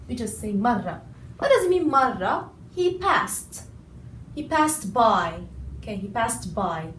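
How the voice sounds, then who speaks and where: A woman teacher with a fairly high voice talks slowly and patiently through a lesson, repeating words and stressing each syllable. She sounds a little far from the mic, in an echoey room with faint background hiss. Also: sing-song. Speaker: language teacher. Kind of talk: recorded lesson explanation.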